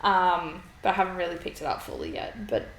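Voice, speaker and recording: A woman's voice: lowish voice, very animated, brisk. A young Australian woman co-hosting a podcast, chatty and giggly, often trailing off mid-sentence. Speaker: podcast co-host. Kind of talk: casual chat. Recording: roomy room, faint noise.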